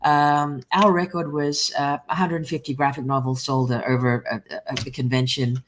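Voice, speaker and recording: An Australian woman, a comic creator being interviewed, telling fan stories in an animated way and laughing often. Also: rumbling low, normal speed, a little hiss or hum. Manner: animated storyteller who acts out quoted people and laughs often. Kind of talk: lively anecdote telling.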